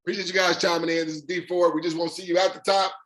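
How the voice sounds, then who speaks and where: A man giving an excited, emphatic sales pitch, stretching out his stressed words. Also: echoey room, low-quality recording. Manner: fired-up, emphatic, drawn-out stresses. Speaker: presenter of an online income demonstration.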